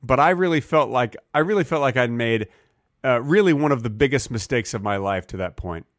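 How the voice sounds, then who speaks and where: A man hosting a comedy podcast, telling stories in an animated, wry way. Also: mid-range voice, brisk, dry recording, clean studio sound. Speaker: podcast host. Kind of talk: comedic casual chat.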